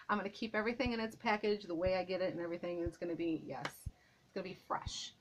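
At home indoors, a woman vlogger chats casually to camera in a fairly low, fairly bright voice at a quick pace. She gushes, repeats herself and sounds a little out of breath, and the rough recording carries a little hiss or hum.

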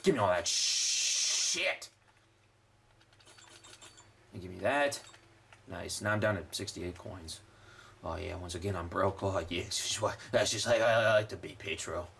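A man's voice: sits low, a little slow, gravelly, pauses often, sharp tone, slight background noise. A young man commenting on his gameplay, swearing constantly and ranting sarcastically. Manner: profane, sarcastic, rambling. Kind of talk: let's play commentary.

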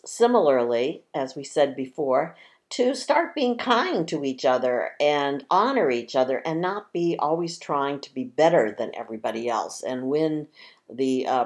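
A woman tells a fable to children at church and then draws a gentle Bible lesson from it. Her voice is low and her pace slow. She speaks to the children directly, asking them questions. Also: rough recording. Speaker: children's message leader at a church.

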